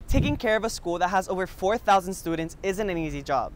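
A woman's voice: on the low side, lively intonation, fast, slight background noise. A teenage girl anchoring a school news show with a scripted read.

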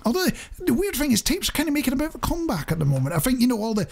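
A man's voice: extremely high pitch, huge pitch swings, racing, vocal fry. A man co-hosting a radio show, chatting casually and joking at his own expense with a chuckle. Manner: self-mocking, chuckling, chatty. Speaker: radio co-host.

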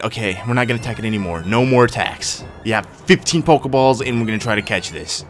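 Excitable young man commentating a game. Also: fairly low pitch, fairly quick, a little hiss or hum. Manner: excitable, swears, reacts loudly. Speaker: let's play gamer. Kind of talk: casual gameplay commentary. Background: game music.

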